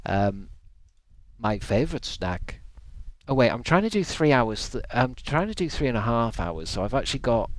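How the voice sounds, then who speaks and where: A man's voice: medium pitch, big pitch swings, moderate pace. Rambling, jokey male game streamer. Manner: rambling, self-mocking, jokey asides. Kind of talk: casual stream sign-off chat. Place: home room at his desk.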